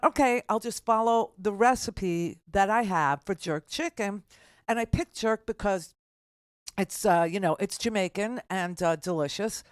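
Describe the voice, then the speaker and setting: A woman radio host telling a casual, self-mocking kitchen story with animated asides. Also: medium pitch, no echo, clean studio sound. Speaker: radio talk show host.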